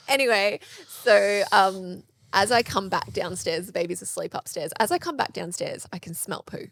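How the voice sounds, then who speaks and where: Animated mum telling a story. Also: female voice, medium pitch, moderate pace, gravelly, no echo. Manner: animated storyteller acting out quotes. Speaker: podcast co-host. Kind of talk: casual chat.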